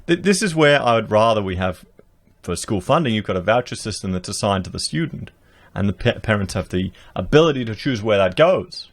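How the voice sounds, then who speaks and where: A man's voice: fairly low pitch, animated, a little fast. An Australian man giving emphatic, rhetorical political commentary to his viewers, reading out news and reacting to it, recorded close on a podcast mic. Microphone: podcast dynamic mic.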